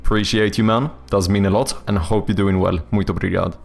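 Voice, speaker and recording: Swedish man with a gravelly British-leaning accent. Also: lowish voice, fairly even intonation, quick pace, soft background music. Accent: Swedish speaker leaning toward a British accent. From Sweden. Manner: rambling, chatty, many fillers and restarts. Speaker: streamer. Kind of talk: casual livestream chat, reading and answering chat.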